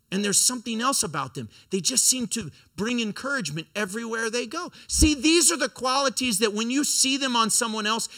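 A man in his forties preaching a sermon to a youth group, animated and storytelling, sometimes acting out the voices of teenagers. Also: high-pitched. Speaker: pastor.

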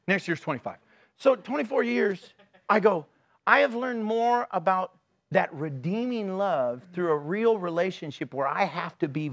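Middle-aged pastor, high bright voice, animated sermon storyteller. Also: male voice. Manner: animated storytelling with playful acted-out quotes.

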